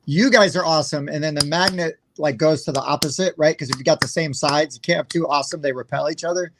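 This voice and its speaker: Male co-host, slightly high voice, loose rambling chat. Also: fast talker, background noise. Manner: rambling, laughs easily. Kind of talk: casual chat.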